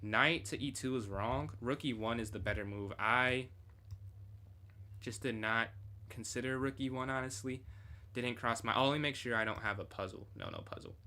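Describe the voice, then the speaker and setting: A man's voice: mid-range voice, normal speed, sharp tone. A young man casually reviewing his own chess game on a stream, thinking aloud and chatting with viewers.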